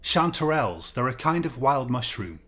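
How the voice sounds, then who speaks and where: A man's voice: medium pitch, very animated, moderate pace, fairly bright tone. Brief: a man reading as a prim, pleading schoolteacher in a cell, defensive and earnest, audiobook story. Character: anxious pompous male schoolteacher prisoner, pleading.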